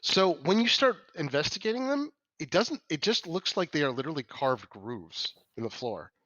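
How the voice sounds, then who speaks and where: A man's voice: on the high side, big pitch swings, bright, forceful tone, no room sound, highs cut off. A man narrating a tabletop role-playing game as game master, often restarting and correcting himself as he describes scenes. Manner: halting, restarts and self-corrections.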